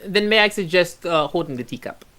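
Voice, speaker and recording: A man's voice: high voice, a little fast, pushed and bright. A man running a tabletop game as game master, narrating in a rambling way with lots of fillers.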